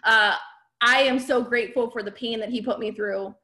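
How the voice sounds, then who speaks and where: A woman's voice: fairly high pitch, steady tone, normal speed, pushed and bright. A woman podcast host and business coach giving a candid, emphatic motivational talk to a live group. She often checks in with her listeners.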